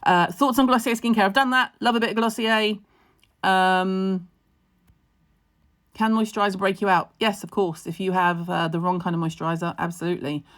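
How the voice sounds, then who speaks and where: A woman giving brisk, frank skincare advice in a casual livestream Q&A, chatty and full of ums. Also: mid-range voice, fairly even intonation, fairly bright tone. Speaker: skincare expert answering viewer questions. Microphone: phone on a livestream.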